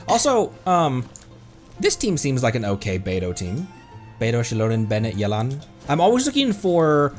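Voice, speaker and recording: A man streaming a video game, chatting casually and laughing at his own slips. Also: medium pitch. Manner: chatty, self-amused, laughs at himself. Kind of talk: casual gameplay commentary.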